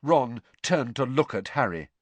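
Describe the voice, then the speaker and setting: Man narrating a story with lively pitch. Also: no room sound. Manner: measured storytelling. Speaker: audiobook narrator. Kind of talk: scripted narration.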